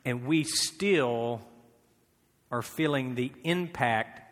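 Male pastor, sermon, bright forceful tone, chatty rhetorical delivery, long hall reverb. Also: mid-range voice, extremely slow. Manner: conversational preaching, frequent rhetorical questions and repetition.

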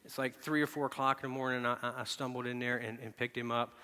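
A man preaching a sermon, telling personal stories and dropping from hushed, soft asides to loud, emphatic bursts. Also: medium pitch, flat delivery, fast, clear, resonant tone. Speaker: pastor. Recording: long reverb of a large hall.

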